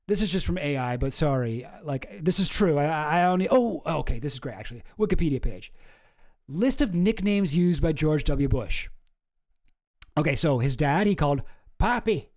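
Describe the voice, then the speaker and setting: A man hosting a casual stream, reading documents aloud and thinking out loud with many restarts. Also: a little high, animated, fairly quick. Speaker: streamer host.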